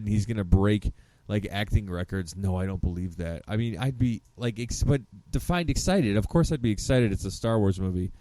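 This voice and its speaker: Low, mellow male podcast co-host, excitable and profane, dry close sound. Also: a little fast, dry recording. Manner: excitable, swears freely, laughs often. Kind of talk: casual chat.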